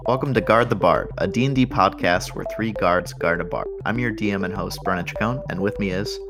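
Deep, gravelly game master. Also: male voice, a little fast, over music. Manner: descriptive, easygoing narration. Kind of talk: narrating a tabletop game.

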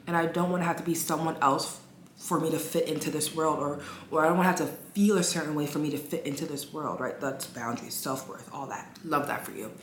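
Young woman doing a self-help talk, low voice, lots of likes and restarts, roomy echo, bit of hiss. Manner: gentle, encouraging, many fillers and restarts. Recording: echoey room with faint hiss.

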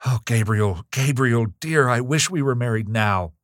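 A man reading the lines of a frightened young noblewoman, pitching up slightly into raised, urgent pleading. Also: very animated, takes it slowly, slightly rough, no echo, clean studio sound, heavily acted.

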